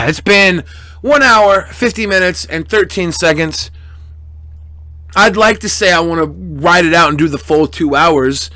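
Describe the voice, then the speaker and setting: A young man chats on a live stream, reading out donations and trading crude, mock-angry insults with his viewers. His voice is bright and forceful, sitting a little high. The sound is dry and close, with no room around it. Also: expressive, normal speed, no room sound. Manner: crude, profane, mock-angry banter with chat.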